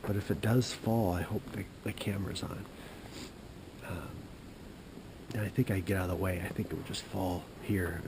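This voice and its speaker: A man hosting an outdoor show, telling a rambling story to the camera beside a creek. He drops to a whisper at times and grows loud and animated while retelling a phone call. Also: low-pitched, normal speed, creaky, long pauses, noisy background.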